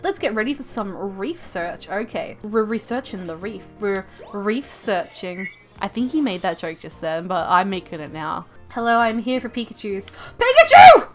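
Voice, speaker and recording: A woman's voice: medium pitch, normal speed, over music. A woman giving chatty, playful let's play commentary, gasping and squealing at what she sees. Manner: excitable, gasping and squealing at the game; chatty and playful, talking to the creatures on screen. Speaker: gaming video creator.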